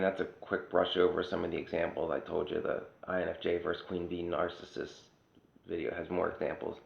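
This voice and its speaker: A man's voice: sits low, creaky. A man from Pennsylvania talking in a casual, sarcastic rant, blunt and swearing freely. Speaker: vlogger. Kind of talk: casual ranting monologue. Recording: roomy, dull lo-fi sound.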